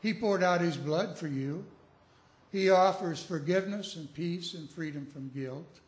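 A man's voice: a little high, a little slow. A man preaching a sermon, telling a story and building to emphatic, urgent appeals. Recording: echoey room.

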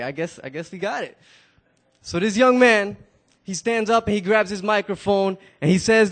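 A man with a high voice for his sex tells a story to a gathered audience in a loose, casual way. He often stammers, restarts and repeats words, and he speaks straight to his listeners. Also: moderate pace, fairly bright tone.

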